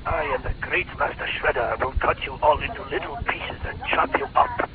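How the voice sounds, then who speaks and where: A man voicing a menacing deep-voiced male villain who threatens to chop people up and eat them. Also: brisk, a crowd in the background, natural voice. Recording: tinny phone line, faint hiss.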